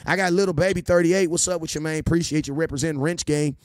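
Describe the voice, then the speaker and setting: High-voiced man hosting a sports livestream. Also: steady tone, dry recording, clean studio sound. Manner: rapid shout-outs to viewers, playful preacher-style teasing. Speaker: livestream host. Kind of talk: casual livestream chat.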